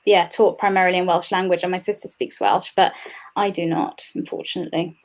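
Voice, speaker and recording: A woman's voice: fairly low pitch, steady tone, brisk. Chatty laughing woman guest. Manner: chatty, laughs often, many fillers. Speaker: guest, games industry administrator. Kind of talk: casual interview chat.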